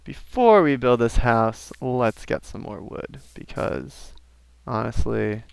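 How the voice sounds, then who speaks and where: Casual gameplay commentator, young man, mid-pitched and gravelly, rambling with offhand asides. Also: expressive, slow, dry recording. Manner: rambling, self-aware asides. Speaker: gaming commentator. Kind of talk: casual let's-play commentary.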